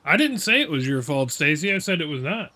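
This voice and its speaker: A man's voice: a little high, very animated, a little fast, bright, forceful tone. A middle-aged American man hosting a livestream, ranting and swearing at his chat in casual, laughing banter. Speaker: livestream host.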